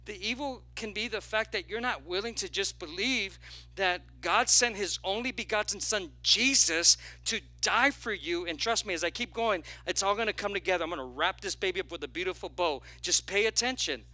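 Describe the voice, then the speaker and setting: A male pastor preaching a sermon, animated and lively, drawing call-and-response from the congregation with playful asides. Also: high voice, moderate pace. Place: church sanctuary.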